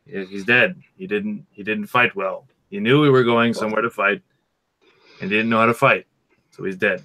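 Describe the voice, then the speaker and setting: Man player, bright tone, blunt deadpan delivery. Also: on the low side, moderate pace, rough recording. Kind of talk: casual tabletop play.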